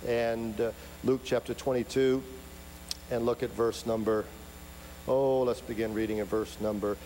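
A man's voice: mid-range voice, level tone, normal speed. Fiery preacher man in a reverberant hall. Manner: emphatic, builds to loud rising peaks, drops to soft intimate asides. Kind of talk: sermon. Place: large church sanctuary. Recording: hall reverb, faint hum.

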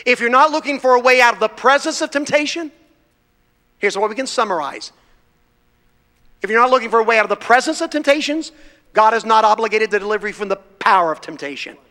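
High-voiced fervent preacher man, reverberant hall. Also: quick pace, sharp tone. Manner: fervent, emphatic preaching with rising bursts. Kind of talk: sermon.

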